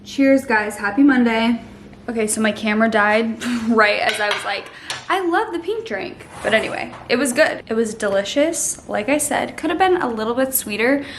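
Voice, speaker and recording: A young woman in her twenties chatting casually to camera as she makes a smoothie, saying "like" a lot and sometimes trailing off into soft murmurs. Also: fairly high pitch, moderate pace, roomy sound, distant mic, a little hiss or hum, poor audio. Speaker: lifestyle vlogger. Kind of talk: casual vlog chat. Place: home kitchen.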